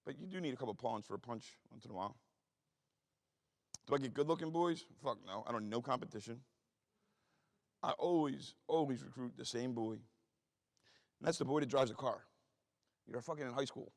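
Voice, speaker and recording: A man's voice: mid-range voice, normal speed, vocal fry, long pauses. A middle-aged man telling a story to an audience, blunt and profane, acting out the voices of the people in it. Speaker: guest speaker. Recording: long hall reverb.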